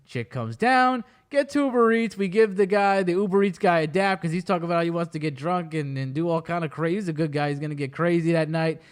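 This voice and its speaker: A man with a high voice tells a story on a casual podcast. He talks with lively energy and slips into quick impressions of the people he describes. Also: clean tone. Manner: animated storyteller who acts out other people's lines. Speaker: podcast host.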